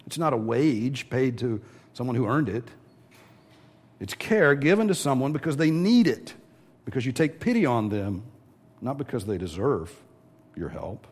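A man's voice: medium pitch, expressive, normal speed, pauses often, a little mellow, husky. A man preaching a sermon, teaching verse by verse and briefly acting out the voices of the people he describes. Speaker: pastor.

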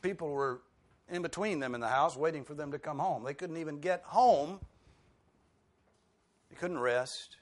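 A man's voice: on the high side, moderate pace, long pauses. A man preaching a sermon in a conversational way, with rhetorical questions and dry humor.

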